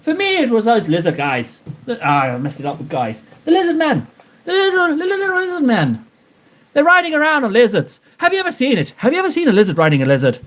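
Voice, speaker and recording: A man putting on a cheeky high Irish voice. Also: brisk, few pauses. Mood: wistful. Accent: put-on Irish. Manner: high, excited, bursting into laughs.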